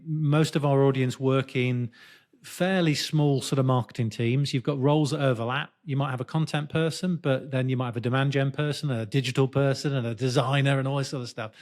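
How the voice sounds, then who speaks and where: A male podcast host with a middling voice answers with short, easy affirmations. He then sets up his next question at an unhurried, measured pace. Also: mid-range voice. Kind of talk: interview questions.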